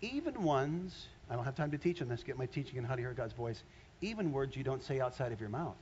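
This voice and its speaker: Animated male preacher, dull lo-fi sound. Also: mid-range voice, fast talker, slight background noise. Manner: animated preaching, swinging between loud and hushed. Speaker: pastor. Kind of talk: sermon.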